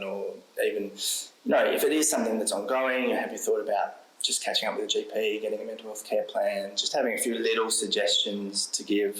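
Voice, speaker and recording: A man explaining a mental health first aid card in a conversational way, thoughtful and halting, often pausing on "you know". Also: on the low side, steady tone, fairly bright tone. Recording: echoey room.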